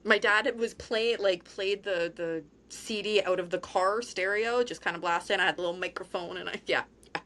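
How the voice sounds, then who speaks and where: A woman with a bright, forceful voice hosts a casual interview. She is chatty and tells stories at length, laughing along as she goes. She sounds like she is in her forties. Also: mid-range voice, moderate pace. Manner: chatty, storytelling, laughs often. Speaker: show host.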